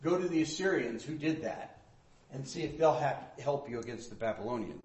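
A male pastor teaching from the Bible in a sermon, swinging between loud emphatic bursts and quiet asides. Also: mid-range voice, expressive, fairly quick. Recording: echoey room.

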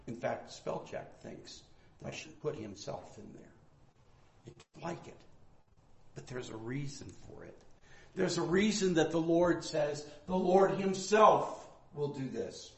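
A male pastor teaching from the Bible in a sermon, swinging between loud emphatic bursts and quiet asides. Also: a little high. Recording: echoey room.

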